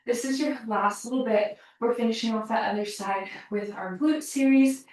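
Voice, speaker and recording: A woman's voice: a little high, normal speed, few pauses, darkish tone. A woman teaching a pilates workout, out of breath, counting down reps and encouraging, recorded on a laptop across the room. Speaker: pilates instructor. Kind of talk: workout cueing. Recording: echoey room, mic far off.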